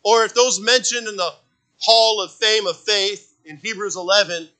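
A man preaching a sermon as pastor, repeating phrases for emphasis and swinging between loud emphatic peaks and hushed low passages. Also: fairly even intonation, moderate pace. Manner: repeats phrases for emphasis, asks the congregation for amens.

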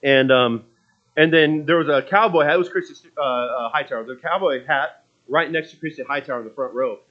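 A man's voice: medium pitch, fairly quick, lo-fi sound. A man preaching a sermon in a conversational, storytelling way, often restarting his phrases.

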